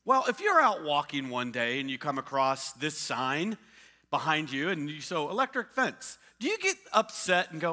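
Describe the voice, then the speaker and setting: A man's voice: on the high side, moderate pace, big-room sound. A man preaching a sermon as pastor, telling stories animatedly and acting out the quotes. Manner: animated storytelling with acted-out quotes. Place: church.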